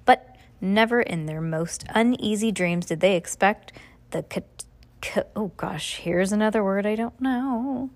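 A woman's voice: medium pitch, a little slow. A woman reading a children's book aloud in a casual way, stumbling on hard words and correcting herself. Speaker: reader.

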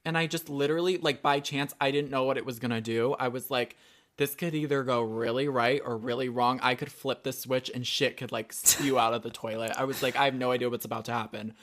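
A woman's voice: extremely low pitch, fairly even intonation, fairly quick. A woman cohosting a podcast, telling a story in casual chat and acting out her own reactions. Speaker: podcast co-host.

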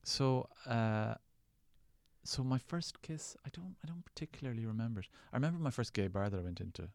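Irish male actor guest, gravelly, self-deprecating storyteller, dry close sound. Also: mid-range voice, animated, fairly quick, a little mellow, no echo. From Ireland. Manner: rambling, wry, self-deprecating, with restarts. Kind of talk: casual interview storytelling.

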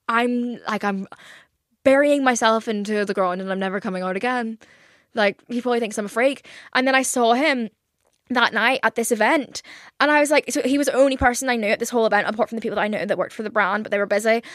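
A woman's voice: a little high, fairly quick, fairly bright tone, no echo, clean studio sound. A young woman hosting her own podcast, chatting casually and rambling with lots of swearing and fillers. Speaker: podcast host. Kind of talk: casual solo podcast chat.

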